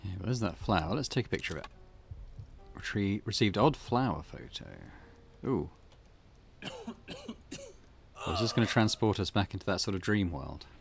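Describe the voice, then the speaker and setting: A man hosting a let's play, reading in-game notes aloud and muttering relaxed asides as he explores. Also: low-pitched, a little fast, gravelly, long pauses. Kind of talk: gameplay commentary.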